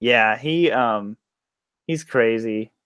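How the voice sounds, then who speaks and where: A man guests on a casual chat and tells easygoing stories, packed with casual fillers. His voice is smooth and clean. It sounds dry, with no room around it. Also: mid-range voice, slow, a bit bright, no echo. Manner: easygoing storyteller, many "like" fillers. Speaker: guest guitarist.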